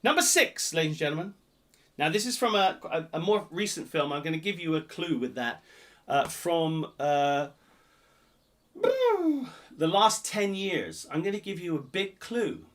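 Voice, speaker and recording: Male quiz host, jokey, rambling, fairly high voice, loud then muttering. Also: animated, measured pace. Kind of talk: live-streamed pub quiz hosting.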